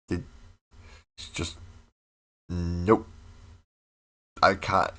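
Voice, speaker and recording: Low-voiced English man chatting while hobbying. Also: fairly bright tone. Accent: English, milder than local broad accents. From England. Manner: chatty, answers viewers by name, mutters while working. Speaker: miniature painting livestreamer. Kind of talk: casual live chat while building models.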